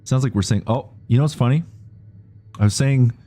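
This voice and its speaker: A man's voice: medium pitch, brisk, mellow, soft background music. A man with a Canadian accent streaming a game, chatting and thinking aloud as he reads on-screen prompts. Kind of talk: live gameplay commentary.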